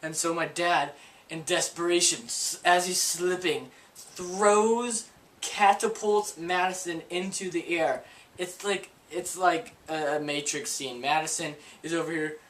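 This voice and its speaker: A man's voice: on the high side, fairly even intonation, measured pace, a bit bright, rough recording. Chatty young man telling a story. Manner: rambling, filler-heavy with frequent "like". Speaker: vlogger. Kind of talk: casual storytelling to camera.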